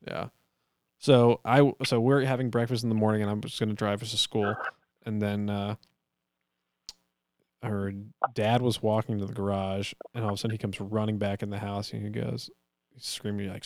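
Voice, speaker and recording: A man's voice: fairly low pitch, brisk, no room sound, studio quality. A man in his thirties chatting casually as podcast co-host, acting out quotes as he tells a story. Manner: animated storyteller who acts out quotes. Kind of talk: casual chat.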